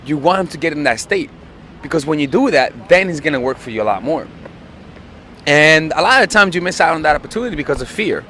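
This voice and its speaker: A man's voice: on the high side, expressive, quick pace, sharp tone, a little hiss or hum. Profane, emphatic young male dating coach. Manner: profane, emphatic, acts out quotes. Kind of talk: blunt dating advice monologue.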